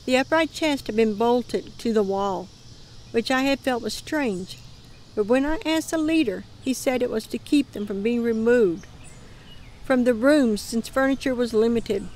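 Woman, fairly high voice, calm, murmuring, reading a dream account aloud. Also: unhurried, slight background noise. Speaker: ministry dream teller.

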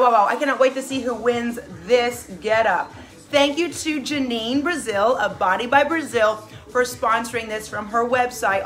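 A woman's voice: sits high, sharp tone. A middle-aged woman coaching a live workout, cheering with enthusiastic whoops and motivating her viewers. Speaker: fitness coach.

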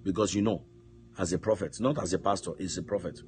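A man preaching a sermon, telling stories and now and then shouting out commands, with repeated words. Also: sits low, fairly even intonation, fast talker.

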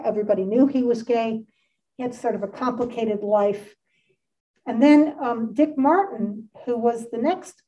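Her voice runs a little high with a dark tone; she's a woman in her sixties leading an informal art history lecture. Expect chatty, enthusiastic delivery with lots of asides, recorded from a distance in a dull-sounding community center meeting room.

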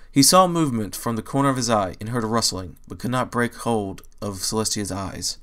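A man reading fan fiction aloud as a narrator, in steady storytelling. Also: fairly low pitch, fairly quick, few pauses. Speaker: audiobook reader.

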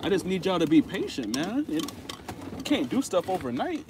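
A man's voice: high voice, big pitch swings, moderate pace, noisy background. A man hosting a casual livestream, talking straight to his viewers in a playful, insistent way. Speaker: channel host talking to live chat.

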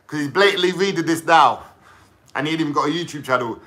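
A man's voice: a little high, fast, a bit bright. A young man with a London accent, ranting casually to camera in a slangy, mocking, swearing way. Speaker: vlogger.

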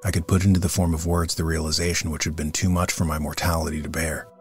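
A man voicing a serene, deep-voiced saint. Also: soft background music. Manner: calm, unhurried, reverent. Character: serene gentle male saint, beardless, young-eyed. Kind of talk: audiobook reading.

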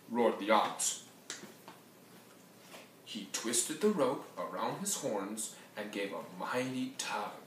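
A man reading a picture book aloud in a lively storybook manner, adding sound effects. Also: fairly low pitch, slight background noise. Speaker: reader. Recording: echoey room, mic far off.

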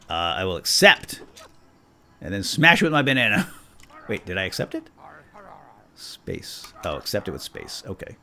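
A man giving excitable, jokey commentary while playing a video game. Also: lowish voice, normal speed, pauses often. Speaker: let's play gamer. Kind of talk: casual gameplay commentary.

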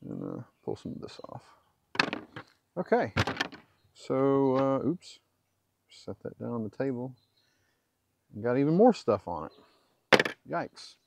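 Gravelly and slow, this mid-range male voice swoops wildly in pitch and pauses often over heavy background noise. He's a homesteader demonstrating butchery, rambling through casual instructions with self-corrections and chatty asides.

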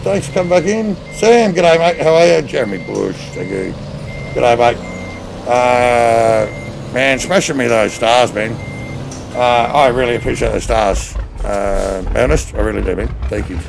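A man's voice: mid-range voice, measured pace, gravelly, noisy background. A middle-aged man chatting casually on a live stream while playing a game, cheerfully greeting viewers by name.

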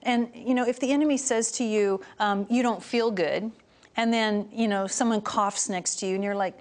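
A middle-aged woman speaking as a guest on a Christian talk show, telling lively stories and acting out what people said. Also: mid-range voice, normal speed. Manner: animated storytelling, acts out quoted voices.

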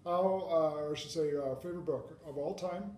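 A man's voice: moderate pace, darkish tone. Man hosting a casual podcast. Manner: casual, hesitant, many fillers. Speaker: podcast host. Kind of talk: casual interview talk. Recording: echoey room with faint rumble.

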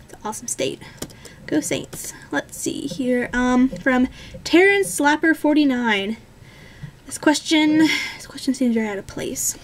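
A woman's voice: high voice, animated, unhurried, a little hiss or hum. A woman of twenty answering viewer questions in a casual, rambling chat, full of ums and self-corrections, easygoing and self-deprecating. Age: 20s.

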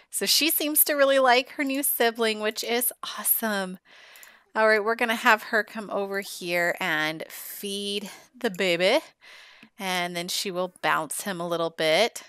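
A woman's voice: mid-range voice, clear, resonant tone, no room sound. A woman giving casual, gushing commentary while playing a life-sim game. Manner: chatty, gushing and excitable. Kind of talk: casual let's-play commentary.

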